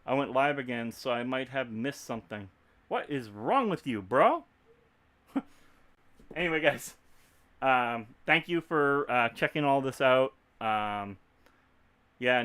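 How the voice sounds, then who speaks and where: A man's voice: medium pitch, a little slow, a bit bright, clear, resonant tone. A man from Texas with a Texan accent, chatting casually to viewers on a livestream, rambling and laughing easily. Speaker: YouTube creator.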